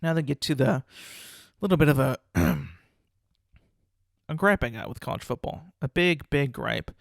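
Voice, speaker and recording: Young male podcast host; rambling, swearing, incredulous; slightly high voice, dry close mic. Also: animated, moderate pace, creaky, dry recording. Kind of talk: casual solo podcast monologue.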